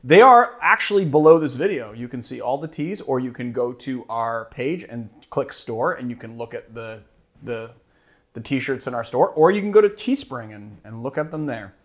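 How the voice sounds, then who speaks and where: A man's voice: mid-range voice, expressive, moderate pace. A man hosting a cocktail show, chatting casually about a drink he is tasting, rambling and self-deprecating and laughing easily.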